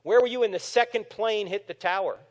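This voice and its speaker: A man in his fifties with a high-sitting, brisk voice gives an apologetics talk to a live audience in a large room. He tells stories animatedly and acts out the people in them, performing their quotes. The recording carries long hall reverb.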